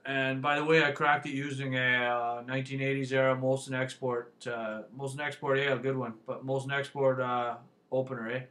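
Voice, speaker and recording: Rambling man with a bright voice. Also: medium pitch, little pitch movement, fairly quick. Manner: rambling, folksy, lots of fillers and "eh". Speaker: beer reviewer. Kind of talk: casual video review.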